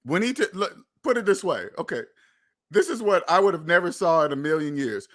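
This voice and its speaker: A man's voice: high voice, expressive, fairly quick, a bit bright. A man hosting a finance channel, talking casually and emphatically straight to his viewers, repeating points and swearing now and then. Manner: emphatic, repetitive, profane, talks straight to viewers. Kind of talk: casual monologue commentary.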